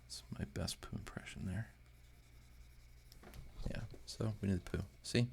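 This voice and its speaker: This man's low, gravelly voice has a darkish tone and a slight hiss or hum, and he speaks unhurriedly. He runs a drawing channel as an amateur artist, chatting loosely as he works. He thinks out loud, sounds uncertain, and pokes fun at his own efforts.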